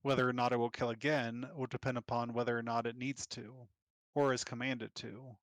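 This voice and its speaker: A man's voice: mid-range voice, flat delivery, a little fast, dry recording. A man narrating a solo tabletop game as game master, describing scenes in a chatty way and often laughing.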